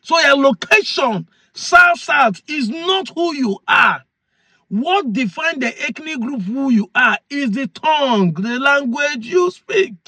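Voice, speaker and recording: Speaking in Nigerian English with an Igbo accent, this man, a community chief, gives an earnest explanatory talk and keeps repeating his main points. His voice is extremely high and expressive, with a slow pace and a sharp tone, and there's no room sound at all.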